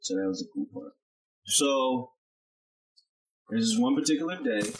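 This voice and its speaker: A man's voice: medium pitch, lively intonation, unhurried, slight background noise, poor audio. A man co-hosting a podcast, telling a story in casual chat, acting out the people he quotes and swearing freely. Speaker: podcast co-host, chef.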